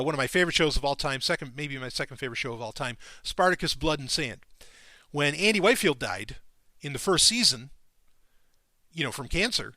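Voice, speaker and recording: Man, podcast host, casual monologue: excitable, profane, lively pitch, dry close sound. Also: no echo. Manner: excitable and profane, voice jumping up when enthused.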